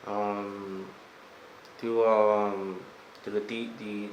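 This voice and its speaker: A man in a casual conversation, talking hesitantly and haltingly with many fillers. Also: lowish voice, little pitch movement, roomy sound, a little hiss or hum, low-quality recording. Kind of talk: casual chat.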